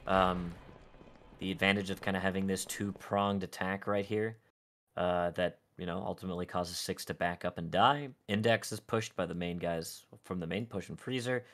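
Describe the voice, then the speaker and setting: Low-voiced man calling esports play-by-play. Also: a bit bright. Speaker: esports caster.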